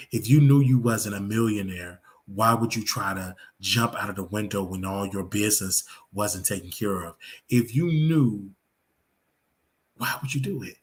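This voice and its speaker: A man hosting a live reaction commentary show, talking in an emphatic, preachy way and repeating his points. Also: fairly low pitch.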